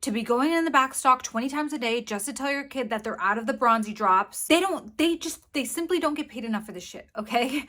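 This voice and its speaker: A woman's voice: on the high side, a bit bright. A woman hosting a commentary video, talking casually and bluntly, exasperated, with some swearing.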